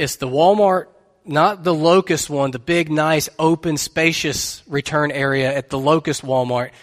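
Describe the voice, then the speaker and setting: Earnest preacher man in a reverberant hall. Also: fairly high pitch. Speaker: pastor. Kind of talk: sermon.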